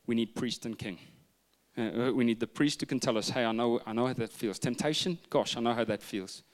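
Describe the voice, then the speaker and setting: Guy preaching, jokey storyteller, drops to quiet bits then gets loud again. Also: mid-range voice, fairly quick. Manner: humorous storytelling, shifting from loud asides to hushed retelling. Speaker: pastor. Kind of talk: sermon.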